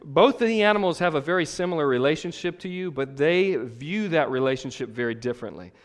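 A male pastor with a slightly high voice delivers a chatty, humorous sermon. He keeps asking the audience "right?". His voice rings out in a big church hall with a long reverb tail. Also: expressive, fairly quick. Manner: conversational and joking, frequent checks with the audience. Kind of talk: sermon with personal stories.

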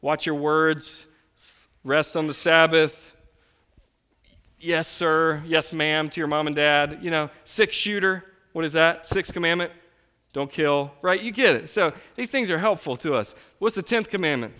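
A man in his thirties preaching a sermon in a conversational, animated way, acting out the voices of the people he quotes. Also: on the high side, unhurried, clean tone. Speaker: pastor. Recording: long reverb of a large hall.

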